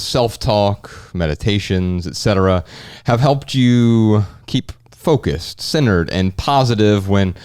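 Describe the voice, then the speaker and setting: A man co-hosting a podcast, measured as he rephrases a listener's question in casual chat. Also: lowish voice, a little mellow, smooth, no echo, clean studio sound. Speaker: podcast co-host.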